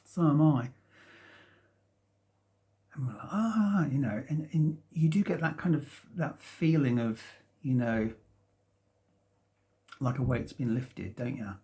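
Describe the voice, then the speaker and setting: A man in his fifties, rambling casually at home about his past, hesitant and meandering with many restarts and soft chuckles. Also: medium pitch, unhurried. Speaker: vlogger. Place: at home, sitting in a sunlit room.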